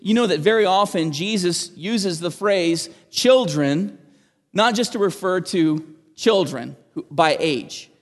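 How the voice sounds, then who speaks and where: A man, a pastor, preaching a sermon in an animated, emphatic way with frequent restarts. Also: sits high, slow pace, in a large hall. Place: church.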